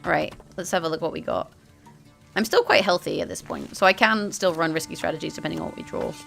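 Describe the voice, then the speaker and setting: Woman, card game commentary, gravelly fry in her voice, chatty, faint music underneath. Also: sits low, fast, fairly bright tone. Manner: chatty, explains strategy to viewers as she plays; often corrects herself mid-sentence. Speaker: gaming video host.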